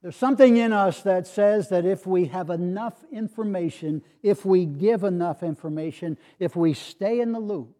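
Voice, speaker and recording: High-voiced older pastor telling stories. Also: male voice, moderate pace, few pauses. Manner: storytelling, gently humorous, acts out quoted voices. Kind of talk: sermon.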